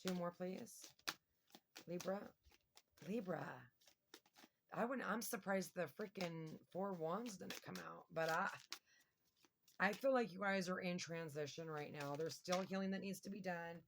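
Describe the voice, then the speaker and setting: A woman's voice: on the low side, normal speed, a little hiss or hum. A woman giving a casual tarot reading to her viewers, chatty and thinking aloud with lots of fillers. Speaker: tarot reader.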